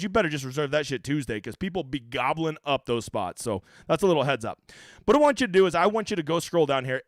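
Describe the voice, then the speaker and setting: Brash male stream host, high voice, rapid-fire delivery, swears freely, dry close mic. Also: dry recording. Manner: brash, profane, joking. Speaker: fantasy golf streamer. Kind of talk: casual livestream chat.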